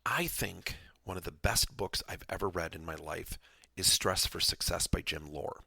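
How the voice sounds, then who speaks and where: Deep gravelly man telling a story. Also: normal speed, pushed and bright, dry recording, clean studio sound. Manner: earnest storytelling with emphatic asides. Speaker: podcast host and leadership coach. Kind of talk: solo podcast monologue.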